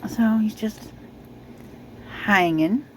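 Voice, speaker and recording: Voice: medium pitch, very slow, a little hiss or hum, rough recording. Rambling, suspicious video commentator. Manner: rambling, full of fillers and restarts; suspicious, speculative. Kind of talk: casual commentary over news footage.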